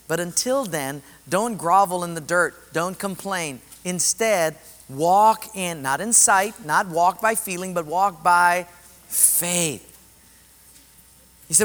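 Animated preacher in an echoing hall. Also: male voice, sits high, measured pace. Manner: animated, acts out voices in stories. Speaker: pastor. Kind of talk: sermon with storytelling. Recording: long reverb of a hall.

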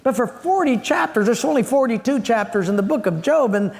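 A man's voice: very high-pitched, lively intonation, brisk, vocal fry. A man preaching a sermon, telling a story with animation and acting out the scenes. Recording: long hall reverb.

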